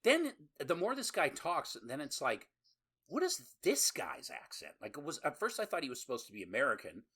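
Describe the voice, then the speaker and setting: A man's voice: fairly high pitch, wildly swooping pitch, fairly quick, bright, forceful tone, breathy edge. A man co-hosting a podcast, recapping a horror movie in rambling, profane casual chat full of laughs. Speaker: podcast co-host.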